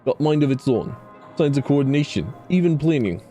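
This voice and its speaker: Man doing a gruff Scottish camp boss. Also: fairly high pitch, lively intonation, fairly quick, dark tone, faint music behind, voice pushed up, natural voice. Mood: grim. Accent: put-on Scottish. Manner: stern, threatening, clipped. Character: gruff bossy male camp leader, menacing.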